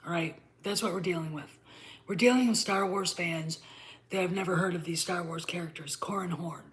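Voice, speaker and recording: A woman's voice: lowish voice, moderate pace. A middle-aged woman hosting her own channel, ranting bluntly with frequent swearing and repeated "okay?" checks. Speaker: channel host. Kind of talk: ranting commentary to camera.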